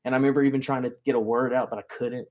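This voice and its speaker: A man telling a funny personal story to a live audience, animated and self-mocking. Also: medium pitch, racing, narrow, tinny audio. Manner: animated, self-mocking, acts out loud quoted lines.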